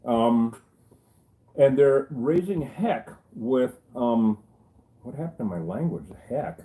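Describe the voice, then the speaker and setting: A middle-aged beekeeper who hosts his own channel tells rambling stories in casual chat, cracking jokes and tossing in salty asides. His mid-range voice is expressive and dark-toned, and he takes his time, though the audio is poor.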